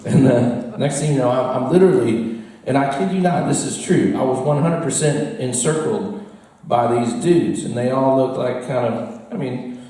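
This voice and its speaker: American guy rambling thru a funny story, laughs at himself, mellow voice, echoey bar mic from far off. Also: mid-range voice, moderate pace. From United States. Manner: rambling, self-deprecating, laughs at own story. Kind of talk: live comic storytelling. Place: bar with live audience. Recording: roomy echo, from far off.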